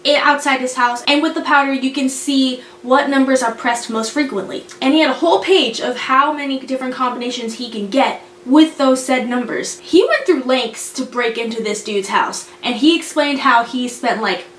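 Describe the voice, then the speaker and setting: A woman's voice: high-pitched, normal speed, few pauses, fairly bright tone. A young woman giving a casual spoken anime review in a blunt, profane, exasperated way. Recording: roomy echo, faint noise.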